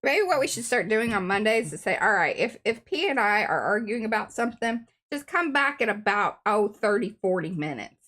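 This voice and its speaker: A woman's voice: mid-range voice, sing-song, moderate pace, hardly any pauses, fairly bright tone. A woman co-hosting a live art stream, talking through her mixed-media work in a folksy, teasing way and speaking to viewers directly. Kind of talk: casual chat while demonstrating art.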